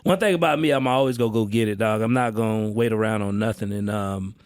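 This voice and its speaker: A man who trains salespeople, talking as a podcast guest in an energetic, slang-heavy, street-casual way on a close mic. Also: on the low side, fast, no room sound. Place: on-site session at a roofing company.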